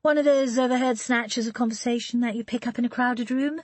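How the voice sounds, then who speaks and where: A woman voicing a thoughtful woman writer who speaks in a gentle, measured way, in an audiobook reading. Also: fairly high pitch, fairly even intonation, no echo, pitched above the performer's own voice, lightly acted.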